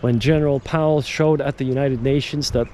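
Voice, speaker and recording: Rambling man with a mellow voice. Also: medium pitch, steady tone, fairly quick, slight background noise. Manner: digressive, emphatic, repeats words and restarts sentences. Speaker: podcast host. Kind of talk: casual rambling monologue.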